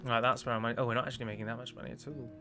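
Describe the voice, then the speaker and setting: A man's voice: medium pitch, flat delivery, rapid-fire, sharp tone. A man casually commenting on his strategy game, thinking aloud and correcting himself. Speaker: let's play host. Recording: faint game music behind.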